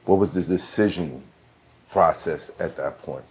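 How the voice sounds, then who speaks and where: Very deep-voiced podcast host. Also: male voice, a little slow, darkish tone. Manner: loose, conversational, filler-heavy. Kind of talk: casual interview chat.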